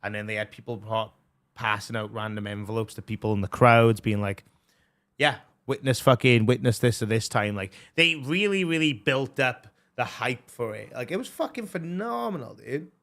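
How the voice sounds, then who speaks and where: A young man chatting casually as a streamer, excitable and swearing a lot, with plenty of fillers. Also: mid-range voice, normal speed. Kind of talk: casual chat.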